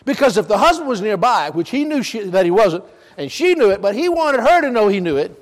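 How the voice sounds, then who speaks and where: A man with a Southern US accent preaches emphatically, counting off his points and asking the congregation questions. His voice is high-pitched, sing-song and fairly quick, carried by the long reverb of a large hall.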